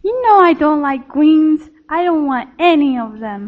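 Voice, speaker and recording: A woman giving voice to a little brother who parrots his sister in a children's story. The tone is high and sing-song. The recording is lo-fi and a bit dull. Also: animated, unhurried. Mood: copycat.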